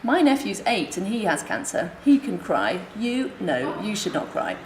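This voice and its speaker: A woman's voice: mid-range voice, very animated, moderate pace, lightly acted. A woman voicing a stern, unsympathetic female night nurse who scolds in a raised voice. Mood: scolding. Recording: echoey lecture room, faint hiss.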